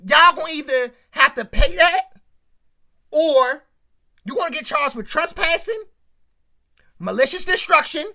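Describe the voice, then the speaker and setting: Man as demanding young pop diva, loud and scolding, bright high tone. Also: heavily acted. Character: bossy young female pop star, hustling and demanding.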